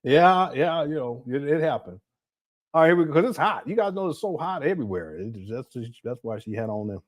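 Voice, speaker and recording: A man's voice: a little high, lively intonation, brisk. A man hosting casual reaction commentary in a jokey, rambling way, laughing often and calling his viewers family. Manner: slangy, addresses viewers as family. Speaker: commentary host.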